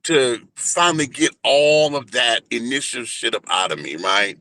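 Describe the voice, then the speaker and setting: A man in his forties telling a personal story in an animated, flamboyant, profane way during a casual interview. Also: mid-range voice, moderate pace, no room sound. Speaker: guest, entertainer and radio host.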